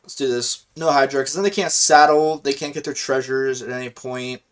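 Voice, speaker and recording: A man hosting a gaming video, giving casual live commentary on his own play in a chatty, slangy and excitable way, thinking out loud. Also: mid-range voice, a little fast.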